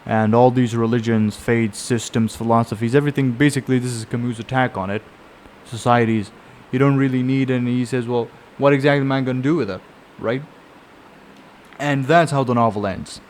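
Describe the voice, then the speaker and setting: A man's voice: medium pitch, a little mellow, slight background noise. A man with a mid-range voice talks through a novel's story in a loose, conversational way. He rambles and circles back on his points, like someone sharing a book he loved. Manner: rambling, conversational storytelling with frequent fillers and restarts. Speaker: book reviewer. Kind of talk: casual spoken book summary.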